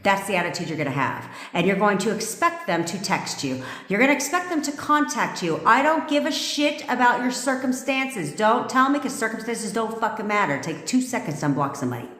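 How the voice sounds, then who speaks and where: On a live stream, a woman manifestation coach speaks in a mid-range, slightly bright voice with big pitch swings, moving fairly quickly with few pauses. She's brash, profane and commanding, reading viewers' comments aloud as she goes, and the room is echoey with long reverb.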